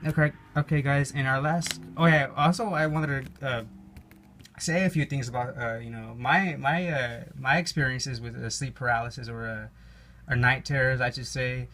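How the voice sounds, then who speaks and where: A young Mexican American man who hosts a YouTube card game channel rambles through stories from his own life, full of filler words, swearing, and frequent laughter. His mid-range voice is bright and forceful, holding a steady tone at normal speed, with slight background noise.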